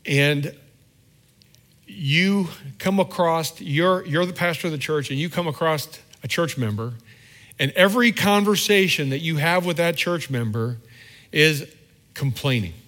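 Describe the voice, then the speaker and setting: A man's voice: a little high, measured pace, a bit bright. Candid, conversational male pastor preaching. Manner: conversational preaching with acted-out quotes; self-deprecating, candid. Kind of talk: sermon.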